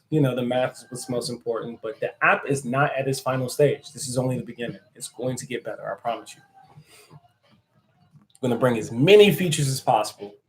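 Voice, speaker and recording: Man, casual live stream host, joking, chatty, mid-pitched voice, laughs a lot. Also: darkish tone, poor audio. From United States. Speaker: app developer hosting a live stream. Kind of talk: casual live stream chat, reading viewer comments aloud.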